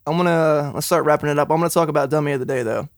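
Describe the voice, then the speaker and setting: A man's voice: fairly high pitch, fairly even intonation, very fast, no echo, clean studio sound. A young man co-hosting a casual podcast, telling a story and acting out both sides of the exchange. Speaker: podcast co-host. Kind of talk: casual chat.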